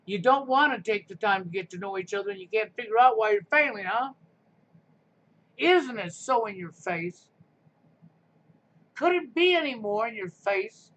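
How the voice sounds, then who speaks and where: A man's voice: very high-pitched, a bit bright. A man hosting a live stream, delivering a combative, sarcastic rant. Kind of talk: ranting live stream monologue. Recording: muffled lo-fi stream audio with faint noise.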